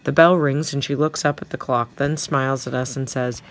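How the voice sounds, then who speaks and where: A teacher reads a children's novel aloud to her students, one chapter at a time. Her voice is very deep and steady, at a moderate pace.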